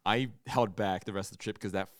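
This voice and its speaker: A young man co-hosting a podcast, telling stories in casual chat and loudly acting out what people said. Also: fairly low pitch, a little fast, no room sound, clean studio sound. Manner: animated storytelling, acts out quotes loudly. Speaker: podcast co-host.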